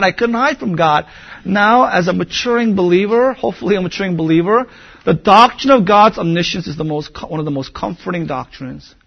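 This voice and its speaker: A man's voice: fairly high pitch, gravelly, lo-fi sound. A man preaching an expository sermon as a pastor, earnest and conversational, dropping frequent asides as he explains the text. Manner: earnest, conversational, many "you know" asides.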